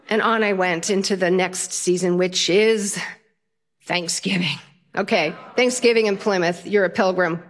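An older woman telling a personal story to an audience, with an animated, playful delivery and frequent laughter. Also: fairly low pitch, a little slow.

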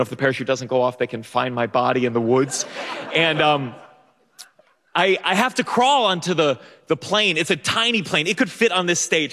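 A man's voice: on the high side, a bit bright, long reverb tail. A young man telling a funny personal story on stage, stammering through restarts and laughing at himself. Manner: stammering restarts, self-mocking, often laughing. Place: theater stage.

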